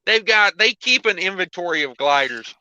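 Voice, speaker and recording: Deadpan joking trucker host, high bright smooth voice, dull stream audio. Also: male voice, normal speed, dry recording. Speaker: livestream host. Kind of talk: casual livestream chat.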